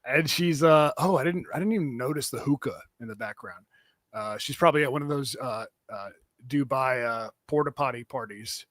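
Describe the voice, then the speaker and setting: A man's voice: mid-range voice, normal speed, a bit bright, no echo, clean studio sound. A man hosting a comedy podcast, rambling through casual banter with plenty of fillers and restarts. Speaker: podcast host.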